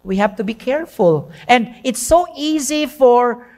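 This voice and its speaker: A woman's voice: fairly high pitch, expressive, unhurried, a little mellow. A middle-aged woman with a Filipino Cebuano accent, preaching a sermon. She teaches by asking questions and answering them, and slips into Cebuano. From Philippines.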